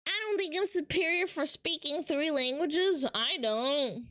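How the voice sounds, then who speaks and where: A woman's voice: fairly high pitch, moderate pace, few pauses, no echo, clean studio sound. A woman streamer chatting casually with her viewers, joking and swearing and laughing often. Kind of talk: casual live-stream chat.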